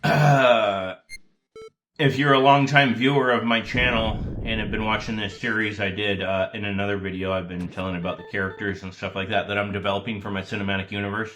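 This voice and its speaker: A man hosts his gaming channel, rambling casually and tossing in jokey asides as he plays. His voice is lowish and a bit bright, with fairly even intonation and a fairly quick delivery. Faint game music plays behind his casual gameplay commentary.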